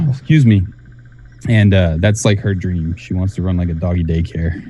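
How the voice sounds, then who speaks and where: Low, mellow-voiced man guest. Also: measured pace. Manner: rambling, with fillers. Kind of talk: casual chat. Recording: faint background noise.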